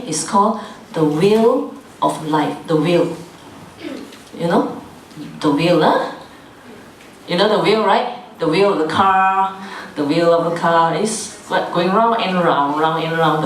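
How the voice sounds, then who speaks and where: A woman's voice: lowish voice, a little hiss or hum. A woman lecturing a class, repeating key phrases and often asking the class to follow along. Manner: repetitive, asks the class frequent check-in questions; acts out quoted scolding in a raised voice. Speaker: dharma class teacher. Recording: echoey hall from far off.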